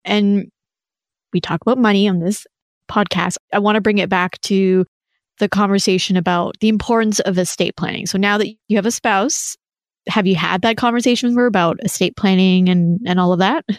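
A woman's voice: medium pitch, fairly even intonation, normal speed, dry recording, studio quality. A woman hosting a podcast interview, talking in an effusive, encouraging way. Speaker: podcast host. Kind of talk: conversational interview.

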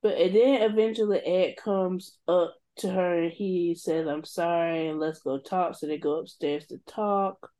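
Gossipy woman with a lowish voice. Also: steady tone, a little slow, hardly any pauses, dark tone. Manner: gossipy, slangy, retells scenes in quoted voices. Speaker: podcast co-host. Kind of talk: casual chat recapping a reality show.

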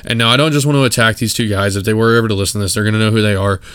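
Low-voiced man, blunt podcast talk. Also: fairly even intonation, rapid-fire, a bit bright, clean tone, no room sound, studio quality. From West Texas. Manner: opinionated and emphatic, full of fillers and restarts. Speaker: podcast host. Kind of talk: casual solo podcast monologue.

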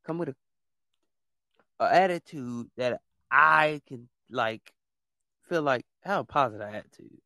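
A man's voice: mid-range voice, animated, measured pace, vocal fry, long pauses, sharp tone, no room sound, clean studio sound. A man hosting his own podcast, delivering a blunt, fed-up rant full of repetition and casual slang. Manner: fed-up, blunt, repeats himself. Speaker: podcast host. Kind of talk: ranting monologue.

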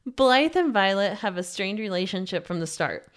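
A woman co-hosting a casual book podcast, chatty and quick to laugh, with a slight lisp. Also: medium pitch, lively intonation, noisy background. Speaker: podcast co-host.

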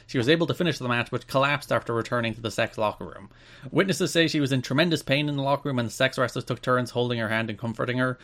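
A man's voice: medium pitch, fairly bright tone. An Irish man co-hosting a podcast, reading wrestling news and chatting with dry, wry asides. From Ireland. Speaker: podcast co-host.

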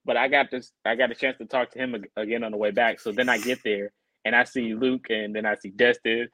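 A man co-hosting a podcast, telling a story in a casual, animated way and acting out other people's lines in a higher voice. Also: fairly quick, low-quality recording. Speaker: podcast co-host.

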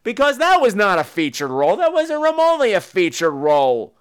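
Sarcastic high-voiced man ranting. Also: huge pitch swings, brisk, clear, resonant tone. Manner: sarcastic, swears freely, mimics people. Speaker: podcast host reviewing films. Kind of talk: profane comedic rant.

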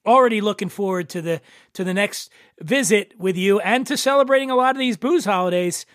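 A man hosting a podcast in casual chat, jovial and quick to laugh. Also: sits high, a bit bright, dry recording, studio quality. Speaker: podcast host.

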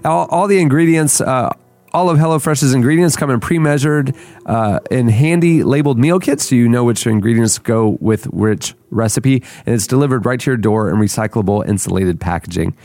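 A man's voice: medium pitch, normal speed, a little mellow. A man hosting a podcast, running segments and reading an ad in an upbeat, casual way. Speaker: podcast host. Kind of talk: casual podcast chat and read ads.

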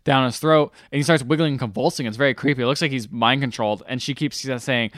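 A man's voice: mid-range voice, fast, fairly bright tone, dry recording, clean studio sound. A man casually recapping a film on a podcast, wry and sarcastic with joking asides. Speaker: podcast co-host.

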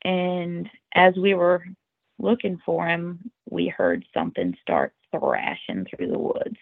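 Woman podcast guest, husky and raspy, earnest storyteller, thin phone-line sound. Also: lowish voice, expressive, slow pace, dry recording. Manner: earnest, emotional, tumbling restarts. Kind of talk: animated first-person storytelling. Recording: tinny phone-like line, dry.

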